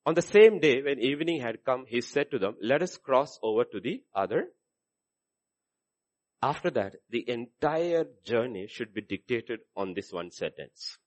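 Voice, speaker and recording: A man preaching a sermon, moving from low musing asides to loud, animated passages where he acts out the voices of the people he quotes. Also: normal speed. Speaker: pastor.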